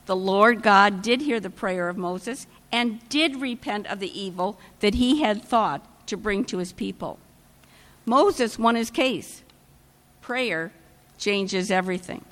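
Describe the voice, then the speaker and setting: A woman preaching a sermon, retelling scripture in a measured storytelling manner with dramatic pauses. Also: a little high, a bit bright. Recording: long church reverb.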